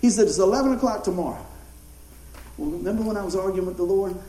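Pastor with a high voice. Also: male voice, fast talker. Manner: animated, conversational storytelling. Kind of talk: storytelling sermon. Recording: roomy hall echo.

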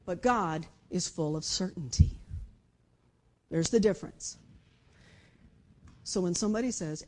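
A woman preaching a conversational sermon, moving between lively emphasis and hushed, quiet passages. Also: mid-range voice. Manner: conversational, with dramatic shifts between loud and hushed speech. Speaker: speaker giving a devotional message.

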